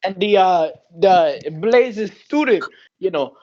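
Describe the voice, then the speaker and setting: Male tabletop player, slightly high voice, rambling, filler-heavy, dull dry lo-fi audio. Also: expressive, takes it slowly, darkish tone. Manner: rambling, repeats himself, frequent fillers. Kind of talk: casual game table chat.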